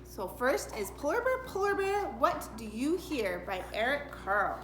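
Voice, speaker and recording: A woman's voice: high-pitched, sing-song, normal speed, fairly bright tone, reverberant, a little hiss or hum. A woman reading picture books aloud to preschool children in a sing-song, playful way. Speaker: preschool story-time reader.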